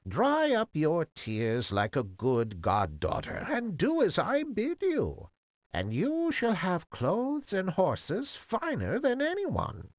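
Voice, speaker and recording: A man voicing a feeble, kindly old fairy godmother in a high croaking voice, drawn out slowly in a storybook reading. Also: wildly swooping pitch, no echo, clean studio sound, exaggerated voice. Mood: commanding. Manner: slow, drawn-out delivery.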